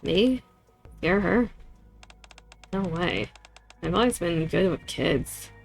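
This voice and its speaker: Woman reads gruff-but-kind hooded heroine, plain delivery, slow. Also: fairly low pitch, lively intonation, faint music behind, exaggerated voice.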